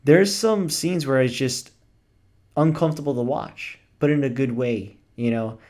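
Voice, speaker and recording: A young man reviewing a movie in a casual chat, gushing with excitement, swearing freely and laughing often. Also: mid-range voice, measured pace.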